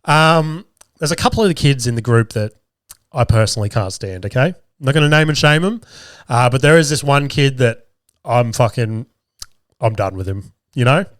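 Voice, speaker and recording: An Australian man in his thirties tells a story on his podcast in a loose, animated way and swears freely. His voice sits at an ordinary middle pitch. The sound is dry and close, with no room echo. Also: normal speed. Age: 30s. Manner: swears constantly, animated and laughing while telling stories. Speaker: podcast host. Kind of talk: casual storytelling. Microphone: camera with podcast mic.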